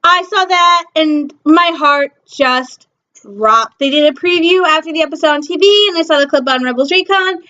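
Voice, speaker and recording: A woman from Michigan hosting a pop culture news vlog, gushing excitedly about shows with lots of ums. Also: sits high, normal speed, highs cut off. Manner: gushing, excitable fan talk with many ums. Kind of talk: casual chat.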